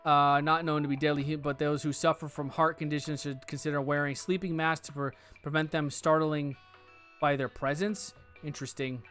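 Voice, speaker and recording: A man's voice: on the high side, fairly even intonation, normal speed, fairly bright tone, soft background music. A man giving casual let's-play commentary, thinking aloud, hedging and joking as he works through cases. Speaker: game streamer.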